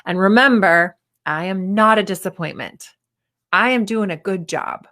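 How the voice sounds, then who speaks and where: A woman's voice: medium pitch, measured pace, fairly bright tone. A woman in her thirties, a performance coach, giving a candid, casual talk and acting out the voices of people she quotes.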